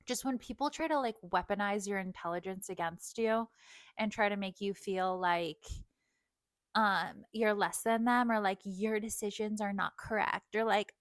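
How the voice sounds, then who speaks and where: A woman's voice: mid-range voice, brisk, no echo. A woman in her thirties telling a storytime rant in casual talk, full of fillers, swearing and laughs. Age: 30s. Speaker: vlogger.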